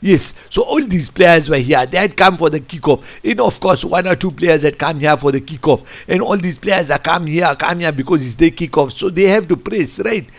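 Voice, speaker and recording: A man coaching football, reviewing a match over a tactics board in an animated, rambling way. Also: on the high side, a little fast, hardly any pauses. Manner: animated, rambling, keeps saying "I tell you". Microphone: computer mic. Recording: lo-fi screen recording.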